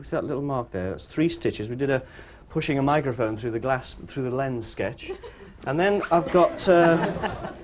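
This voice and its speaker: A man being interviewed as a comedy guest on a chat show, giggly, manic and full of jokes. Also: mid-range voice. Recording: noisy TV recording.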